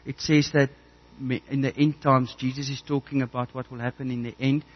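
A man preaches earnestly, weaving a personal story into his message. He often stumbles and repeats words as he restarts his sentences. His pitch sits in the middle, and the recording sounds a little dull. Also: level tone, a little fast. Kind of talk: sermon with personal testimony.

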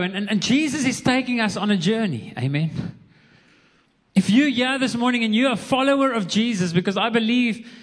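A man preaching a sermon as pastor, earnest and repeating words as he builds his points. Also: high-pitched. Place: church hall. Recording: long hall reverb.

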